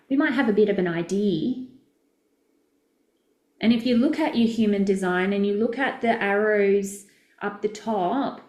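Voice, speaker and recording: A woman's voice: medium pitch, a little mellow, roomy sound. A woman, a business coach, chatting casually and effusively with viewers during a live session, rambling and correcting herself as she goes.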